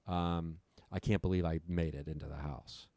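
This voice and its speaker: A man's voice: low voice, steady tone, moderate pace, dark tone, no echo. A man guest on a podcast, retelling a story with lots of swearing. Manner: profane, breathless retelling.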